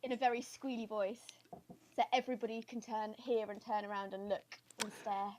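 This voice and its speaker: A woman playing a tabletop game, chatty and quick to apologise as she checks rules. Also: mid-range voice, level tone, a little mellow, poor audio. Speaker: player. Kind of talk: casual tabletop play.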